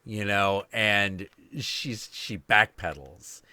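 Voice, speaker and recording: A man hosting a livestream, telling a story in a casual, profane, animated way and acting out the voices. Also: on the low side, takes it slowly, no room sound. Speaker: show host.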